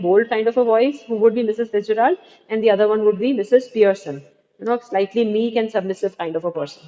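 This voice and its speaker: A woman's voice: a little high, dark tone. A woman teacher explaining a play line by line in an online class, asking her students questions, over dull, roomy computer-mic audio. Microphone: computer mic in video class.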